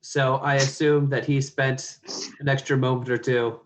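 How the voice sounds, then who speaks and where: A man playing a tabletop game, talking in hesitant, quick bursts. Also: medium pitch, flat delivery, slight background noise. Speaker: player. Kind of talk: casual tabletop role-play.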